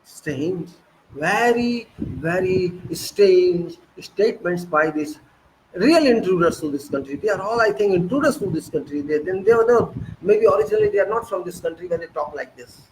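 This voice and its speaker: A man's voice: high-pitched, animated, fast talker, hardly any pauses, darkish tone, a little hiss or hum, poor audio. A man with an Indian English accent delivering an impassioned political monologue, firing off indignant rhetorical questions with sarcastic jabs. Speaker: political commentator.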